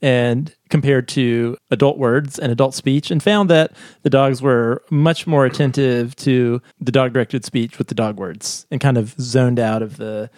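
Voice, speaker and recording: A man's voice: mid-range voice, fairly even intonation, unhurried, hardly any pauses, a little mellow, no room sound, studio quality. A man co-hosting a podcast, explaining a research study in a chatty way and laughing often. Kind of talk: casual science chat.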